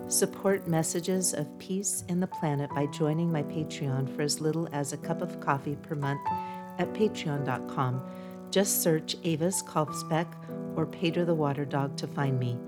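Calm, low-voiced woman narrator for a podcast storybook. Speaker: author and podcast host.

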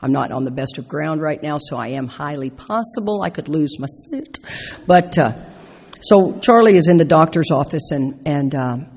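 Animated middle-aged woman storyteller, echoey hall. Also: deep voice, moderate pace, breathy edge. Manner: animated, acts out her own quotes, laughs through the story. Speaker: speaker at a recovery convention. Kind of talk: personal storytelling talk. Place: large convention hall.

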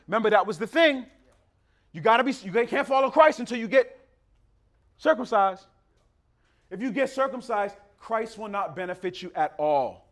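Animated, high-voiced male preacher. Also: brisk. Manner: emphatic, conversational, addresses listeners as beloved. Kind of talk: sermon.

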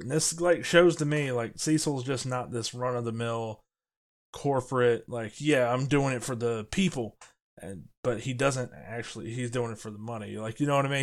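A man co-hosting a casual podcast discussion, talking animatedly and slipping into quick character quotes as he explains scenes. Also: medium pitch. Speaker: podcast co-host.

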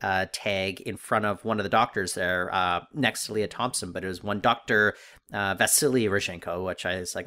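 A man co-hosting a casual podcast, griping in a wry, animated way with many fillers. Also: sits low, moderate pace. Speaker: podcast co-host. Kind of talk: casual discussion of a TV episode.

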